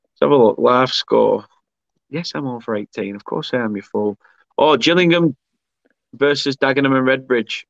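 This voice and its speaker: A man's voice: medium pitch, normal speed, vocal fry, no echo, dull audio. A man hosting a casual talk show, chatty, laughing often and reading comments aloud. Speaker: podcast host reading viewer comments. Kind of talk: casual chat.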